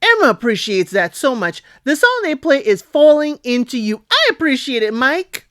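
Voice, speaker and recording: A woman recapping a reality show in a chatty, expressive way, often asking "okay?" and calling out to her listeners. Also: sits high, moderate pace, dry recording, clean studio sound. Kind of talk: casual recap commentary.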